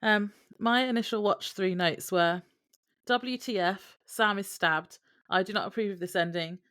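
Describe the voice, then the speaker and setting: A woman's voice: medium pitch, normal speed, fairly bright tone. A woman co-hosting a podcast, summarizing episode events from her notes with wry asides. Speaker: podcast co-host. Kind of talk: casual podcast chat.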